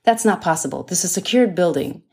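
A woman voicing a panicked elderly male banker who shouts urgent orders, in an audiobook. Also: fairly low pitch, lively intonation, fast, gravelly, husky, exaggerated voice.

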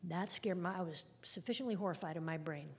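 A woman's voice: on the low side, quick pace, husky. Woman sharing her recovery story in a hall. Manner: candid, conversational, wry storytelling with frequent laughs. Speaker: speaker at a recovery meeting. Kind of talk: personal recovery story told to a group. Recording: long hall reverb.

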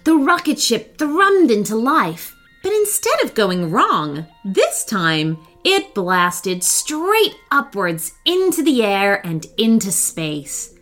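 A woman reading a children's bedtime story aloud, slow and expressive. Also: on the high side, faint music behind. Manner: slow, sing-song, expressive.

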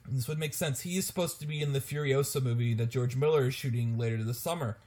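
A man's voice: mid-range voice, fast talker, a little mellow. A young man co-hosting a podcast in casual chat, joking and laughing often. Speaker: podcast co-host.

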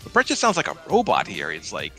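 A man's voice: on the low side, wildly swooping pitch, quick pace, a bit bright, faint music behind. A man co-hosting a podcast, talking casually in a wry, incredulous way and laughing often. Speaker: podcast co-host. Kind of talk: casual review chat.

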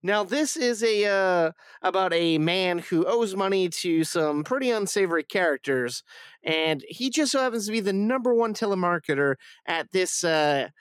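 A man hosting a podcast in casual, joking, animated chat with his co-host. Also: sits high, normal speed, clean tone, dry recording.

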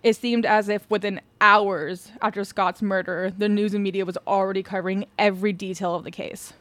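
A woman's voice: medium pitch, fairly even intonation, a little fast, fairly bright tone, no echo. A woman co-hosting a podcast, casually retelling a true-crime case from her notes, laughing often and swearing offhandedly. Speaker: podcast co-host.

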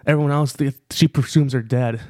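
A man's voice: medium pitch, steady tone, a little fast, darkish tone, no room sound, studio quality. A man co-hosting a podcast, telling a rambling story casually with lots of fillers and repeated phrases. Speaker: podcast co-host.

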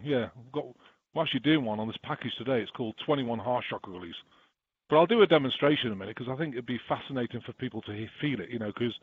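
A man talks quickly in a husky, breathy voice, spilling explanations with constant "you know"s. The sound is thin and phone-like, as if from a remote call, and quite dry. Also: mid-range voice, dry recording. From England. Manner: rambling, fast explanations with many "you know"s. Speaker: spiritual healer guest. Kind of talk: casual chat.

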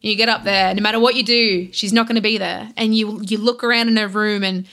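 A young Australian woman chatting casually on a podcast, animated and laughing, acting out characters' lines as she retells a game. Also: medium pitch, fast. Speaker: podcast guest.

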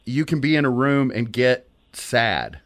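A chatty male host keeps things loose and casual, working through his thoughts out loud. His voice sits at an ordinary pitch and is recorded dry and close, with no room echo. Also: lively intonation, measured pace. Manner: loose, swears, trails off and restarts. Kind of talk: casual interview chat.

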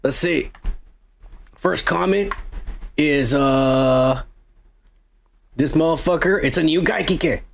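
A man's voice: a little high, slow, creaky, long pauses. A man co-hosting a podcast, reading listener comments in a crude, rambling, swear-heavy chat. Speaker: podcast co-host.

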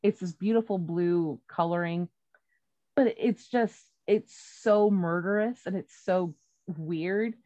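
A woman with a fairly low voice retells a story in loose, casual chat, piling on fillers, restarts and swear words. The recording is dry and a little dull. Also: slow pace, warm tone, dry recording. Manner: rambling and profane, with many fillers and restarts.

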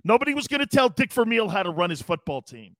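A man's voice: high voice, very animated, fast talker, fairly bright tone, no room sound. A man hosting a sports talk show, riffing casually, reading comments aloud and laughing often. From East Coast US. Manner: brash, jokey, reads chat comments aloud and laughs often.

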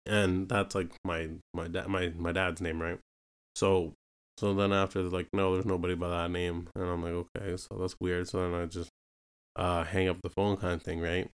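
A man's voice: low-pitched, little pitch movement, normal speed, clear, resonant tone. A young man from Canada telling a personal story in a casual, rambling way, full of fillers and repeated asides. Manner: rambling, full of fillers like "you know what I mean" and "right". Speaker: podcast host telling his own story.

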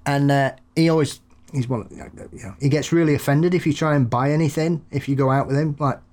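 A man's voice: on the high side, steady tone, fairly quick, a little mellow. Jokey man telling rambling stories. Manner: jokey, rambling anecdotes with laughs. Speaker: podcast co-host. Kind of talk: casual chat.

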